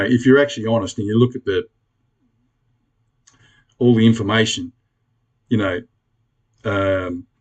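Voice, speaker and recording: A prepper vlogger, an Australian man, rants bluntly to camera in a casual vlog, swearing freely and pleading with viewers. His voice is medium in pitch, and the audio sounds dull.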